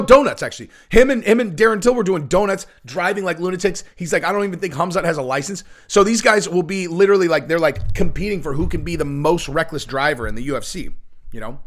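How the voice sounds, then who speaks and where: A man's voice: a little high, fairly bright tone. A middle-aged man giving casual ranting commentary on fighting sports, brash and profane, rambling with lots of fillers. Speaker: MMA commentator, channel host.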